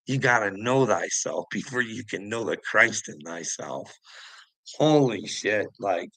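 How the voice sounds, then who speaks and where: A man's voice: fairly low pitch, animated, measured pace, creaky, pushed and bright, no room sound, low-quality recording. A man delivering an angry, scornful monologue that is heavy on swearing, calling out people online. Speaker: online commentator. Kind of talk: profane ranting monologue.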